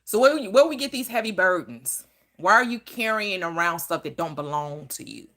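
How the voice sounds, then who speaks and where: This manifestation teacher speaks in a lowish, animated voice with a fairly bright tone at normal speed. Preaching about manifesting, she is emphatic and full of repetition, often slipping into acted quotes.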